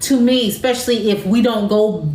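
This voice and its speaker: A woman's voice: a little high, moderate pace, a little mellow. A woman co-hosting a casual chat who speaks frankly and matter-of-factly, swearing casually. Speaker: podcast co-host. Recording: echoey room with faint noise.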